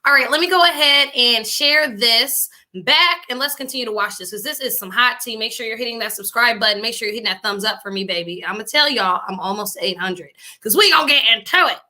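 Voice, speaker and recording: A woman with a fairly high voice hosts a reaction commentary, talking briskly with hardly any pauses. She's chatty, animated and slangy, speaking straight to her viewers.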